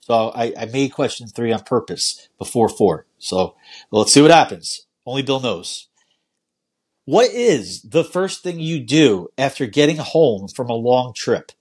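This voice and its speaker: A man hosting a casual podcast, easygoing and quick to laugh, often restarting his sentences. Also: mid-range voice, lively intonation, a little mellow, slightly rough. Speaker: podcast host.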